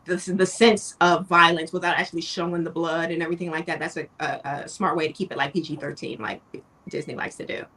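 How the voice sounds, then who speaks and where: A woman co-hosting a casual chat podcast, recapping in a relaxed way with fillers and quoted lines. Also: lowish voice, fast, recorded from a distance. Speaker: podcast co-host.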